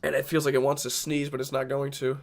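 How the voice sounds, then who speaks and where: A man's voice: medium pitch, flat delivery, fast talker, creaky. A man from Rhode Island chatting casually with viewers on a livestream, rambling and joking with a fair amount of profanity. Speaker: streamer.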